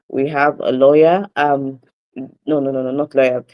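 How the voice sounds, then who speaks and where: Halting Nigerian radio host. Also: mid-range voice, level tone, darkish tone, poor audio. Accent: Nigerian English. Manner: halting reading with many fillers and self-corrections. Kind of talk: morning radio newspaper review.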